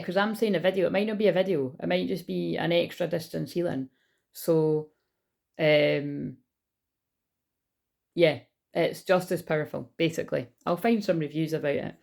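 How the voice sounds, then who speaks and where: A woman's voice: low voice, vocal fry, darkish tone. A woman doing a chatty, rambling card reading as a spiritual healer, with lots of restarts and asides.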